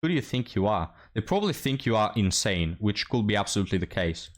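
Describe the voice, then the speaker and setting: A man's voice: lowish voice, sing-song, fast. A man hosting a reaction commentary, mocking and scornful, often laughing as he talks. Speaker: commentary host.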